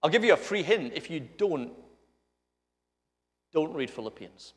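A man with a Scottish accent preaching a sermon in a lively, joking way that builds to emphatic points. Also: on the high side, a little slow. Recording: echoey hall with long reverb.

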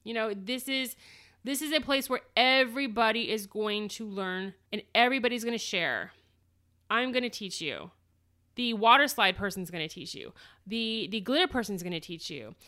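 Give me a woman hosting a casual solo podcast, bright-toned and rambling. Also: a little high, animated, normal speed. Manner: chatty, rambling with restarts and quoted dialogue. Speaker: podcast host.

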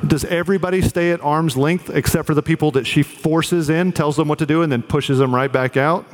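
A man's voice: fairly high pitch, steady tone, fairly quick. Earnest preacher man in a reverberant hall. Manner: earnest, conversational preaching with fillers. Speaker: pastor. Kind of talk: sermon.

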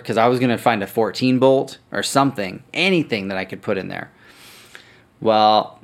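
A man's voice: lowish voice, moderate pace. A man hosting a podcast, telling a story casually, swearing freely and correcting himself as he goes. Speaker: podcast host.

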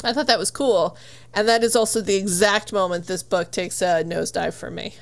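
A woman's voice: mid-range voice, moderate pace, creaky. A woman co-hosting a casual book podcast who retells the plot with gusto, acts out the characters' lines and laughs and swears freely. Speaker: podcast co-host. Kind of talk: casual book review chat.

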